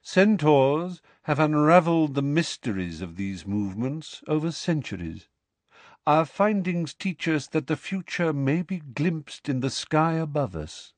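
A man voicing a calm, aloof male centaur teacher who speaks in a measured, quietly disdainful way. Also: a little high, no echo, pitched above the performer's own voice.

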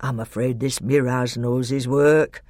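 A woman voicing an anxious, kindly elderly male doctor who asks worried questions slowly. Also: very deep voice, fairly even intonation, darkish tone, no room sound, studio quality.

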